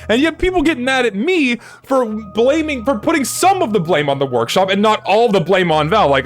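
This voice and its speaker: A man's voice: high voice, expressive, normal speed, few pauses, faint music behind. A man giving a blunt, swear-heavy game review, talking emphatically. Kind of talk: ranting review commentary.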